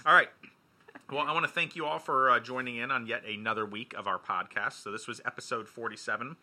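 A man's voice: medium pitch, fairly even intonation, fast, pushed and bright. A man hosting a casual podcast, joking and laid-back, talking into a studio mic. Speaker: podcast host. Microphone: studio mic with spit guard.

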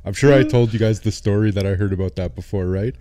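A man's voice: lowish voice, quick pace, warm tone. A man co-hosting a casual movie podcast, talking with profane, enthusiastic energy. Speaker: podcast co-host.

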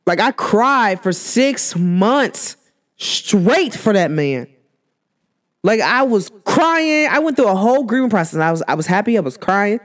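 A woman's voice: mid-range voice, sing-song, unhurried. A woman in her thirties hosting a casual spiritual talk, slangy, rambling and candid. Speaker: podcast host.

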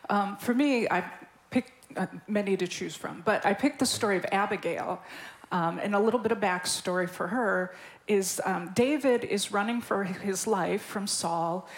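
A woman calmly retelling a Bible story in a casual church discussion, with a few asides along the way. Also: mid-range voice, normal speed, poor audio.

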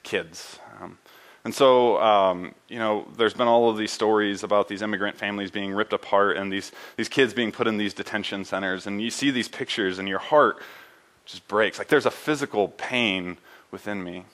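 A man preaching a sermon in a church building, earnest and halting, with frequent fillers and restarts. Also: on the low side, a bit bright. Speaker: pastor.

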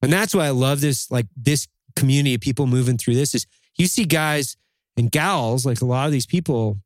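A man with an ordinary, middle-pitched voice talks bluntly and swears freely. He sounds like he is giving a motivational push in a casual podcast chat. The recording is dry and close, with no room sound. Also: a little fast, dry recording.

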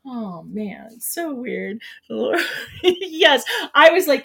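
A middle-aged woman hosting a relaxed morning show, telling stories in a casual, animated way. She laughs often and squeals when something excites her. Her voice sits a little high. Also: slow, creaky. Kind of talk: casual chat.

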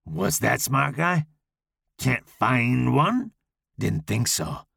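A hulking, deformed slasher villain, voiced by a man, sneers through a rough, gravelly growl that swings between low menace and crude mockery. His speech rises and falls widely, and the audio is close and dry. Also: big pitch swings, extremely slow, fairly bright tone, no room sound, heavily acted. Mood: menacing, crude. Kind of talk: audiobook character voice.

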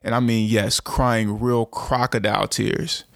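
An American motivational speaker and show host in his thirties delivers a reflective personal monologue to his audience, earnest and halting, with frequent restarts and fillers. His medium-pitched voice is flat, even and slightly gravelly. The recording is dry and close, without any room sound.

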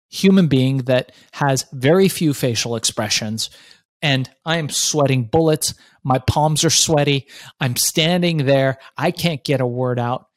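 Animated, profane man telling a story. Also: medium pitch, no room sound. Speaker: guest author. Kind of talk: storytelling interview.

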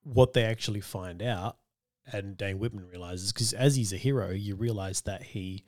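A man's voice: lowish voice, normal speed, darkish tone, no room sound, studio quality. A man co-hosting a casual podcast, laughing often as he explains comic-book lore at length. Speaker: podcast co-host. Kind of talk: casual film discussion.

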